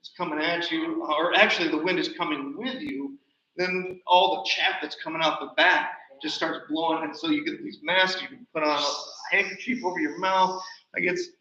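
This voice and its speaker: Casting: male presenter, high and bright voice, chatty storyteller, roomy hall, distant muffled mic. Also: steady tone, normal speed. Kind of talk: slide show talk. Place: nature center hall. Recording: roomy, distant, dull livestream audio.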